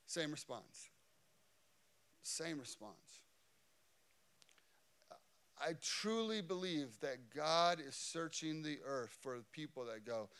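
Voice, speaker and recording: A man preaching a sermon as pastor, impassioned and building to loud, high emphasis on key phrases. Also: expressive, slow pace, long pauses, clean tone. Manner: impassioned, rising in pitch and volume for emphasis.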